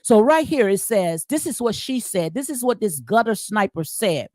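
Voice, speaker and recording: A woman's voice: medium pitch, sing-song, normal speed, a little mellow, no room sound, clean studio sound. A middle-aged woman hosting casual commentary, emphatic and colloquial, repeating phrases and tagging lines with "okay?" in a preacher-like cadence. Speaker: commentary channel host. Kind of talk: casual commentary reading and reacting.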